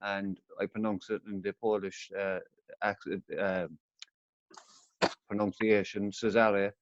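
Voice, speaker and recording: Brief: Irish Cork man, lowish voice, dry and dull lo-fi call sound, relaxed. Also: measured pace, dry recording. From Ireland. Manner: easygoing, hesitant with many uhs. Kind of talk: casual chat.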